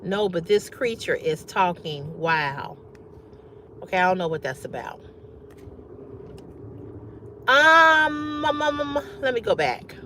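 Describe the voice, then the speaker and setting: A woman hosting a casual livestream, chatting with viewers, reading their comments aloud and often bursting into loud laughter. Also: mid-range voice, slow, long pauses, slight background noise. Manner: animated, reads comments aloud and reacts. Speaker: livestream host.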